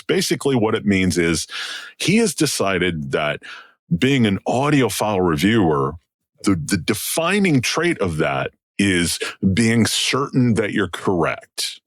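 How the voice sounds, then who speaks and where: A middle-aged man co-hosting an audio podcast, telling stories in a sarcastic, animated way. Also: deep voice, no echo, studio quality. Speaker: podcast co-host. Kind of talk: casual audio podcast chat.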